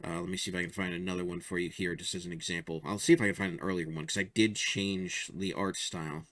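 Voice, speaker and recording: A man's voice: sits low, fairly even intonation, fast talker, a bit bright. A man casually walking through his own comic strips, chatty and rambling, chuckling at his jokes. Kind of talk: casual show-and-tell commentary.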